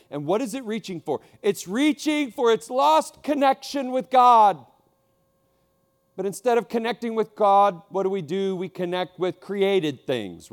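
A male pastor delivers a sermon with a somewhat higher pitch than most men. He drops to near-whispers, then climbs to loud, ringing declarations and drives home points with repetition. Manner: preaching with swings from hushed to loud, emphatic repetition.

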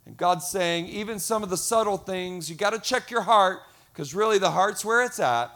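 A middle-aged man preaching a lively sermon, acting out quoted voices. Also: high voice, moderate pace. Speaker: pastor.

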